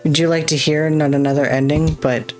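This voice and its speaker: A gamer reading lines as a masked theater playwright who loves bad endings, courteous, theatrical and softly melancholy, over faint game music. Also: medium pitch, level tone, fairly quick, natural voice. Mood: wistful.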